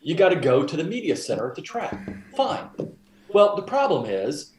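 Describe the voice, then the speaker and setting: A man co-hosting a casual podcast, telling stories in an animated, self-defending way. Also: a little high, moderate pace, noisy background. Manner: animated storyteller, defending himself. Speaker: podcast co-host. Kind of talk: casual chat. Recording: roomy echo.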